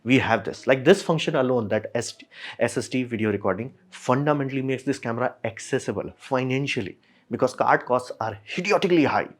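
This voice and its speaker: Man, ranting tech review, animated, acts out replies, mid-pitched voice. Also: brisk. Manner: animated, frustrated, acts out imagined company replies. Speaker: camera reviewer.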